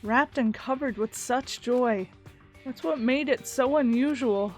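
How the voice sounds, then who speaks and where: A woman reading the narration of a nervous, earnest teenage boy in a plain, slightly lowered voice. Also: unhurried, faint music behind. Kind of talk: reading game narration aloud.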